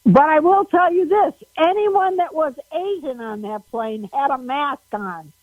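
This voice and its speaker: A woman comedian guesting on an interview over the phone, talking animatedly with frequent laughs and big pitch jumps. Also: unhurried, no echo, phone-quality sound.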